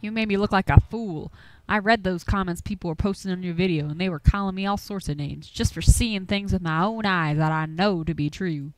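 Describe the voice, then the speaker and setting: A grumbling old Appalachian chicken farmer with a folksy drawl, put on by a woman with a lowered voice. He scolds and warns in a dry, close recording, stubborn to the bone. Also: brisk, dry recording, natural voice, poor audio. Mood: gruff. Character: gruff old rural man, stubborn chicken farmer and hunter.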